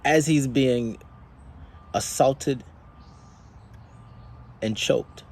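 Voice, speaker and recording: A man delivering an impassioned, angry monologue as a vlogger, swearing often and speaking in slow, deliberate phrases. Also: medium pitch, a little mellow.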